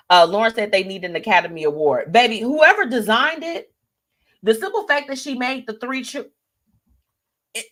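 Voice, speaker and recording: Animated laughing woman show host. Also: mid-range voice. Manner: animated, laughing, addresses audience as y'all and baby. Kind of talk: live show commentary reading viewer comments.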